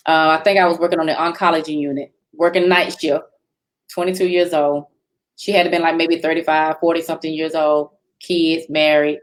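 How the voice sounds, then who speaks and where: An American woman hosts a relaxed talk and tells stories from her own life. Her voice sits a little low, and she brings it to life by acting out other people's lines and laughing often. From United States. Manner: animated, laughs often, acts out quoted voices. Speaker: host reading viewer questions. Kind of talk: casual storytelling chat.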